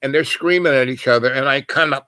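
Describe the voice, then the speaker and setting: A man's voice: medium pitch, fast talker, sharp tone, no room sound. An older man telling a long personal story in a loose, rambling way, full of fillers and asides. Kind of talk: casual spoken storytelling.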